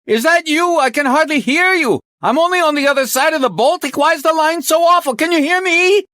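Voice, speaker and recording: A man voicing a middle-aged police chief yelling down a bad phone line in a strained, high voice. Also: a little fast, no room sound, clean studio sound. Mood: shouting. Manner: shouting, high-pitched, strained.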